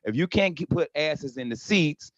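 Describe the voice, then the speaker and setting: A man's voice: a little high, lively intonation, moderate pace, a bit bright, no echo. A middle-aged man, a guest comedian, telling stories in a casual podcast chat. He briefly mimics the people he quotes and swears freely. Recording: slightly dull lo-fi sound.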